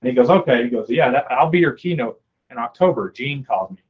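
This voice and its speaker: A man's voice: medium pitch, expressive, fast talker, lo-fi sound. A man with an American Midwest accent giving a casual storytelling talk as a guest speaker, acting out quoted dialogue with lots of fillers. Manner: anecdotal, acts out quoted dialogue; frequent fillers, conversational.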